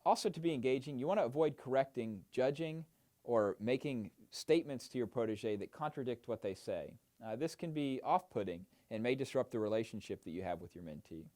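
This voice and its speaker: A man explaining mentoring techniques in a training lesson, with a lively, animated intonation that rises and falls through each point. He speaks in a clear instructional manner and often pauses on an "uh.". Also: mid-range voice. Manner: explanatory, with frequent "uh" fillers. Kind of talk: instructional narration.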